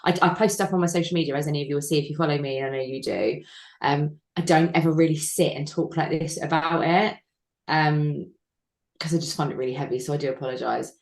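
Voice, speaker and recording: Speaking candidly as an interview guest, a thirtysomething woman relates something personal in a low, slightly mellow voice. Her delivery is halting, with lots of fillers and false starts, and there's a clear echo in the room.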